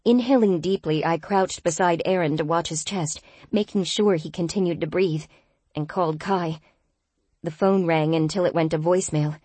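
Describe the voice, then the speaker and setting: A woman giving a tense, expressive first-person audiobook narration. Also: lowish voice, normal speed, slightly rough, no echo.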